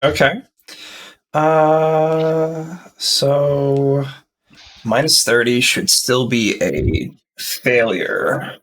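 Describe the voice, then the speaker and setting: A man's voice: mid-range voice, lively intonation, drawn-out words, fairly bright tone. Easygoing male tabletop player. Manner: easygoing, hesitant with fillers, cheers at rolls. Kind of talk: casual tabletop play.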